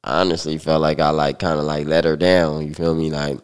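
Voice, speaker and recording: A man recounting a personal story in a relaxed interview, talking loosely with many fillers. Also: very deep voice, fairly quick, smooth. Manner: relaxed, loose, full of fillers like "like" and "you know". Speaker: guest.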